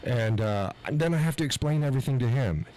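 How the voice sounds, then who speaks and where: Talking fast in a medium-pitched voice, an American host of a live show rants through an exasperated story, swearing freely with animated, rising heat. The mixer board mic audio is poor, with slight background noise.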